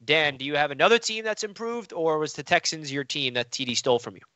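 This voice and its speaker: A man's voice: fairly high pitch, quick pace, sharp tone, dry recording. A man co-hosting a casual sports debate, boastful and teasing as he argues for his team. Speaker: sports podcast co-host, Jets fan.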